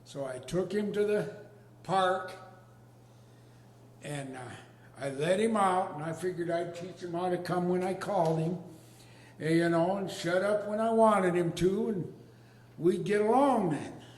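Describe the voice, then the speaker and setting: An older man telling a comic story on stage in a folksy, deadpan drawl. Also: high-pitched, measured pace, long pauses. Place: arts venue stage with a live audience. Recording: echoey hall with long reverb.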